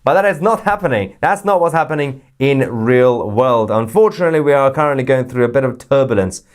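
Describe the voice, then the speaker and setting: A man's voice: animated, fairly quick. Joking man reading live chat. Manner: joking, sarcastic, jumps into high mock voices. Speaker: livestream news host reading live chat. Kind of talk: casual live-chat commentary.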